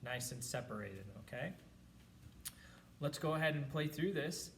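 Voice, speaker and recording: A man's voice: on the high side, expressive, moderate pace, recorded from a distance, slight background noise, poor audio. A man teaching a school band lesson, explaining rhythms and chanting counts and syllables aloud for his students. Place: classroom.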